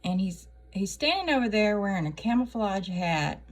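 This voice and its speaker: A woman's voice: mid-range voice, sing-song, moderate pace. A middle-aged woman, hosting her channel with a wry, chatty comedic monologue and laughing at her own jokes. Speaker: channel host.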